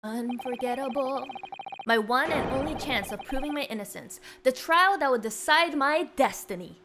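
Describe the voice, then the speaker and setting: A young woman with a high-pitched, expressive voice streams a game at a moderate pace over background music. She voices the game's dialogue in several characters and responds with playful giggles.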